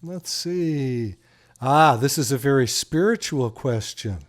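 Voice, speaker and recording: A man's voice: medium pitch, expressive, takes it slowly. A man hosting a talk radio show, joking and telling stories in a casual, playful way. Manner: playful, joking, teasing his co-host. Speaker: radio show host, doctor.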